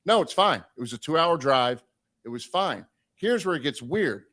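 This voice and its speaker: A man casually telling a long road story on a live stream, animated and swearing, acting out the people he quotes. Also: fairly high pitch, normal speed.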